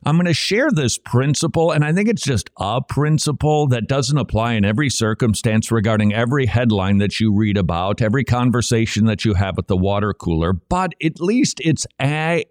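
A man delivers religious commentary as a co-host, his pitch swinging widely as he presses his points. His delivery is emphatic and rhetorical, like a preacher, and the recording is dry and close with no room sound. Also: expressive, normal speed, darkish tone, no room sound.

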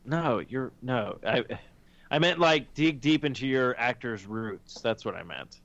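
A man's voice: mid-range voice, lively intonation, measured pace, a bit bright, dry recording, muffled recording. A man hosting a casual chat on a call, rambling and teasing his friends. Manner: rambling, teasing, restarts sentences. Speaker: podcast host.

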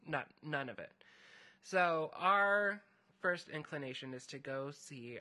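A man's voice: a little high, lively intonation, takes it slowly, sharp tone. A man co-hosting a casual podcast chat, retelling a fantasy story in a rambling way with many fillers. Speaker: podcast co-host recapping a story.

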